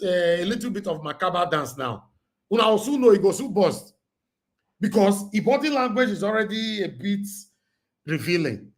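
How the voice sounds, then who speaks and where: A man with a Nigerian accent hosting a casual news reaction stream, animated and mixing Pidgin with English, often asking "Eh?". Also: high voice, moderate pace. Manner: animated, switches between Pidgin and English, exclaims "Eh?". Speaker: news commentary host.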